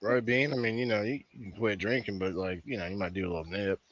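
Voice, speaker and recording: A man with a low but sharply bright voice, rambling and joking as a podcast co-host. He talks in a loose, casual way. The audio is dull and lo-fi, like an online call. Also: steady tone, quick pace. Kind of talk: casual chat.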